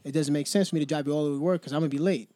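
A man's voice: fairly high pitch, fairly even intonation, racing, dark tone, dry recording. A man co-hosting a podcast, telling a story in laid-back casual chat with street slang. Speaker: podcast co-host.

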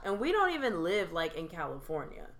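A woman's voice: fairly low pitch, huge pitch swings, a little fast, fairly bright tone. A woman with a Southern US accent, co-hosting a podcast in casual chat, chiming in bluntly and laughing along. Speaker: podcast co-host.

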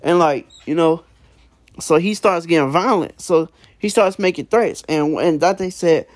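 A man's voice: on the high side, measured pace, no echo, clean studio sound. A man casually retelling prison stories, rambling with lots of fillers and slang. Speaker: storyteller.

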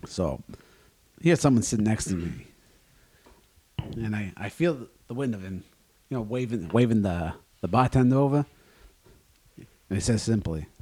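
A man's voice: sits low, dark tone, husky, dry recording, full character voice. A man playing a brash, crude middle-aged male wiseguy who brags and swears as he talks. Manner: swaggering, boastful, profane, keeps saying "you know what I'm talking about". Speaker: podcast co-host playing a guest. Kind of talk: improvised comedy character.

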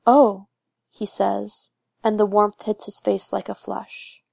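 Gravelly woman reading a fan audiobook. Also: mid-range voice, monotone, measured pace, darkish tone, no echo, studio quality. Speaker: audiobook narrator.

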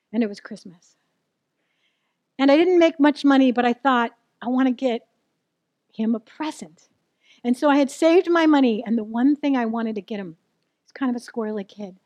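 A woman's voice: on the high side, a little mellow, no room sound, dull audio. A middle-aged woman preaching a sermon, telling a candid personal story and asking the audience questions. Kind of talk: sermon to a live church audience.

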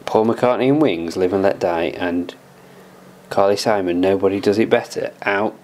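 A man hosting a podcast, chatting casually and briskly moving things along. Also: low-pitched, a little mellow. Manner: brisk, moves the show along. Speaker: podcast host.

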